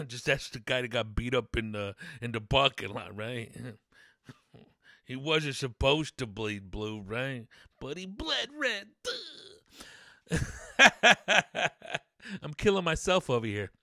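Man, angry profane rant, bright tense voice, dry close sound. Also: mid-range voice, animated, takes it slowly, gravelly, pauses often, no echo. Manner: angry, profane, loud outbursts, repeats words. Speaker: sports rant commentator. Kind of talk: profane ranting monologue.

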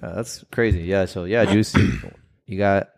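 A man's voice: low voice, fairly even intonation, unhurried, creaky, a little mellow. A man co-hosting a podcast in casual chat, laid-back, trailing off and swearing casually. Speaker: podcast co-host.

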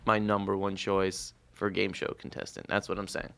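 A man's voice: deep voice, monotone, moderate pace, creaky, heavy background noise. A man co-hosting a casual chat, easygoing and agreeable, often hedging his opinions. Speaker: podcast co-host.

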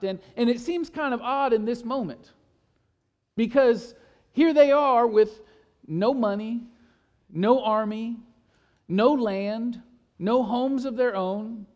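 A pastor preaching a sermon, stacking phrases in repeated lists and dropping to a hush when quoting scripture. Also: male voice, very high voice, measured pace. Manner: repeats words and builds emphasis in lists.

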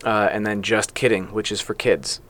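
A man's voice: on the low side, flat delivery, normal speed, fairly bright tone. A man hosting a podcast, running a party game in a newspaper office studio, playful and laughing often. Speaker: podcast host.

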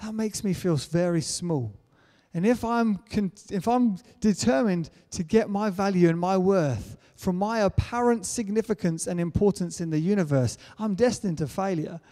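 A man's voice: high voice, dark tone. A man preaching a sermon in an earnest way, building to emphatic declarations. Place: church hall. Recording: church hall reverb.

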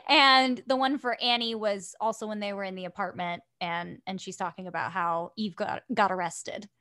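A woman chatting casually as a podcast guest, telling animated stories and laughing often. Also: medium pitch, moderate pace. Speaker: guest voice actor.

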